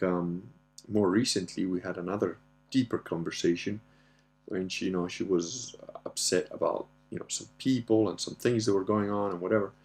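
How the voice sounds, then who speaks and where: A man's voice: on the low side, a little mellow. A man hosting a casual question-and-answer show, telling crude, profane stories and laughing often. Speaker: podcast host. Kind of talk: casual Q&A monologue.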